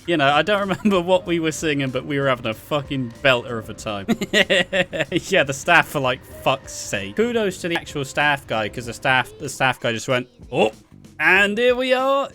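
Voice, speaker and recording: A young Englishman tells a rambling, swear-heavy story in a casual vlog. His delivery is animated, with laughing asides and a mid-range voice. Faint music plays behind him. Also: mid-range voice. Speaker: vlogger.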